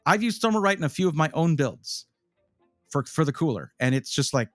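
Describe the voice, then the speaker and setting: A male streamer talks through PC builds in a loose, animated way, his voice sitting a little high and swinging widely in pitch. He wanders off topic and answers his chat as he goes. The sound is dry and close, with faint music underneath. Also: fairly quick, dry recording. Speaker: streamer reviewing gaming PCs. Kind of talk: casual live-stream chat.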